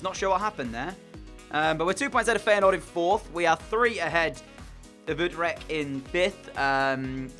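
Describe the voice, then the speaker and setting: A man's voice: a little high, pushed and bright. A young man commentating on his own video game match in an exasperated, sarcastic way. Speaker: gaming commentator.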